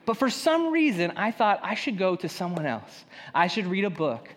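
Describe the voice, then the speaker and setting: A man's voice: sits high, big pitch swings, normal speed. A young man preaching a sermon as a pastor, telling a personal story in a casual, self-deprecating way. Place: church hall. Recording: long hall reverb.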